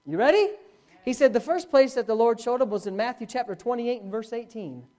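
A man preaching a sermon as pastor, telling a story with swings from loud to hushed. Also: very high voice, brisk.

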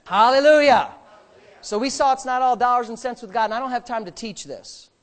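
A male pastor preaches briskly in a church sanctuary. He's emphatic, alternating loud bursts with quiet asides, some of them jokes.

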